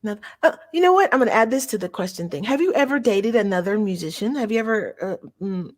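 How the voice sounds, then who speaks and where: A woman hosting a casual interview, telling stories in an animated, expressive way. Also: mid-range voice, fast. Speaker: show host.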